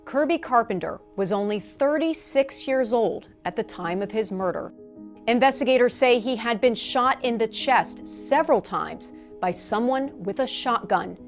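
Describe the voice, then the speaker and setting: A woman narrating a true-crime documentary in a measured, informative way. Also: on the high side, animated, soft background music.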